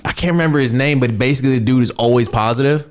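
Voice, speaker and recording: A man from Texas, a podcast guest, chatting in an animated, laughing way. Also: mid-range voice, rapid-fire. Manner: animated, laughing, swoops into impressions. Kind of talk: casual chat.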